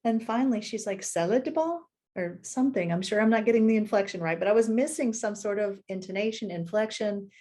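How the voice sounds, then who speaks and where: A middle-aged woman, a podcast guest, telling stories in a casual, animated way and laughing easily. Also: medium pitch, quick pace, hardly any pauses. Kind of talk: casual storytelling chat.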